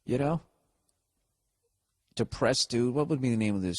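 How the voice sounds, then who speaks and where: Man, Boston accent, podcast host, profane, sarcastic rant, mid-pitched voice. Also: normal speed, pauses often, darkish tone. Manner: profane, sarcastic, reads listener letters aloud. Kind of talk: casual comedic rant.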